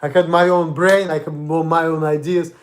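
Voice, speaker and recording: A man's voice: fairly high pitch, flat delivery, normal speed. A young man from Russia with a Russian accent, ranting angrily and profanely in a confrontational monologue. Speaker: vlogger. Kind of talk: angry monologue.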